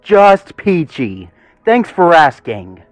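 A man's voice: sits high, very animated, moderate pace, a bit bright, dry recording, soft background music, voice pushed up. A man voicing an angry, paranoid male police dog who snarls and hisses sarcastically. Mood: sarcastic.

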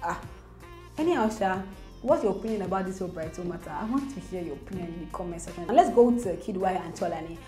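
A woman, chatting excitedly as a gossip vlogger to her viewers. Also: on the low side, racing, hardly any pauses. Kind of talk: casual gossip commentary to viewers. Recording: roomy echo with faint music.

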